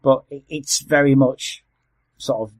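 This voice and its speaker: A man hosting a podcast, chatting casually about old adverts, sardonic and prone to swearing, with quiet mumbled asides. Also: mid-range voice, steady tone, a little slow, no echo. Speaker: podcast host. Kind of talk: casual chat.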